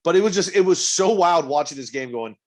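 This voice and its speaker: Podcast co-host, man, slightly high voice, swears a lot, animated storyteller. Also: a little fast. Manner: profane, animated storytelling with quoted asides. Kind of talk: casual chat.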